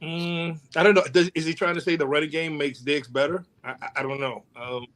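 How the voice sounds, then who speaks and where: Bright, laid-back male guest. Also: a little high, steady tone, brisk. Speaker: guest, former football player. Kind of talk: casual sports talk show.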